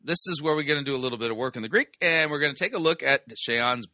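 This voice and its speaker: A man with a slightly higher, strikingly bright voice comments on sermon clips in a casual way. He explains the Greek text and drops sarcastic asides. The sound is dry and close. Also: very fast, hardly any pauses, no echo. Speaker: sermon reviewer host.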